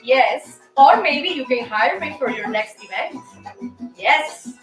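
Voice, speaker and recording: High-voiced woman teaching salsa steps. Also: animated, slow, echoey room, distant mic, over music. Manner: counts steps aloud, chatty and playful. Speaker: host and dance teacher. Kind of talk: casual dance lesson.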